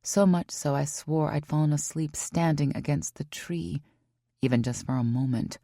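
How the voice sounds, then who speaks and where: A woman reading a first-person romance audiobook in an intimate, emotive way, with hushed passages. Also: low-pitched, moderate pace, no echo, clean studio sound. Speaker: audiobook narrator.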